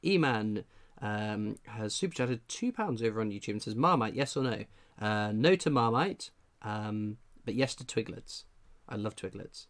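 A man with a cold hosts a casual livestream, chatting, laughing a lot and reading out viewer names. His voice is lowish and a bit bright, expressive and at normal speed.

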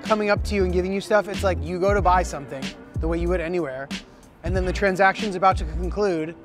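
A man's voice: high-pitched, quick pace, over music. A young man, a comedian, hosting a travel vlog in a casual, amused, storytelling way. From United States. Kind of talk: travel vlog narration and street chat.

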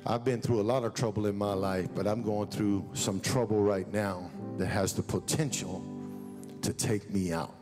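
A man preaching a sermon as pastor, telling a lively story, building up to shouts. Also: on the low side, normal speed, in a large hall, over music.

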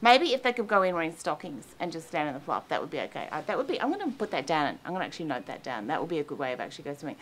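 A woman's voice: sits low, big pitch swings, rapid-fire, few pauses, fairly bright tone. Anxious self-mocking comic woman rambling. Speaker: comedian and columnist. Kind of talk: confessional comic monologue.

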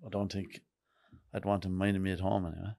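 Wry low-voiced Irish man. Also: level tone, fast, vocal fry, warm tone, no echo. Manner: wry, blunt, often drops to a mutter. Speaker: guest. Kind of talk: casual podcast chat.

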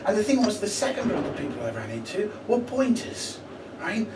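A man from Brighton, a stand-up comedian telling a story on stage in a chatty way, swearing freely and checking in with "right?". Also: high-pitched, very animated, brisk, recorded from a distance, very noisy. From Brighton, England. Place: comedy stage before a live audience. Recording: roomy live venue taped from afar, loud audience laughter.

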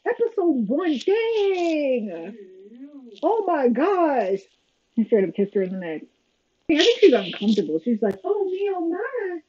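Woman host for a watch-along reaction, sarcastic and exasperated, lively swooping delivery, mellow tone, slightly dull lo-fi audio with faint hiss. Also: sits high, unhurried. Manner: sarcastic, exasperated running commentary. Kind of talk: casual watch-along commentary.

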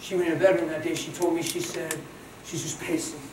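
A man preaching a sermon as a pastor, plain-spoken, swinging between hushed and loud. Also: fairly high pitch, level tone, fast, a little hiss or hum. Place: large church hall. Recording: echoey hall from far off.

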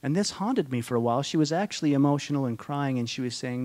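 A middle-aged man speaking to a conference audience, telling a personal story in a slow, halting, deeply emotional way, often dropping to a hush. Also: expressive. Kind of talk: personal testimony talk to an audience. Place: conference hall.

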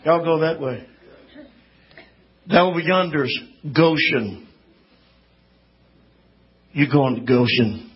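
A man's voice: on the high side, expressive, slow pace, pauses often, muffled recording. A man voicing a stern, dismissive Pharaoh, within a sermon. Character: stern male Pharaoh giving curt orders.

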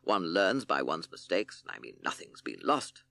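A man's voice: low-pitched, very animated, normal speed, gravelly, sharp tone, no room sound, clean studio sound, full character voice. A man voicing a pompous, know-it-all male owl in a storybook, lecturing the others.

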